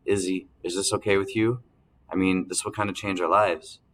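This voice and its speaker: A man reading an audiobook, voicing a middle-aged mother who speaks tenderly and softly pleads. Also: low-pitched, steady tone, moderate pace, a little hiss or hum.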